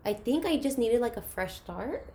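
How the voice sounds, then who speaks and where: A young woman casually telling a personal story about her school years, animated and acting out the voices of the people in it. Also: a little high, moderate pace, slight background noise. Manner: animated, acts out quoted voices, laughs through emotional moments. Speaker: guest sharing her story.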